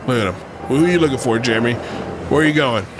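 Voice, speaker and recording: A man's voice: medium pitch, fast, background noise. A man hosting a reaction video, commenting casually on a clip with a lot of profanity and mockery. He laughs often.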